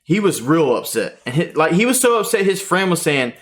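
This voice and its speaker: A podcast host with a slightly high male voice talks fairly quickly through a casual tournament story. He brings it to life, animated and acting out the quotes.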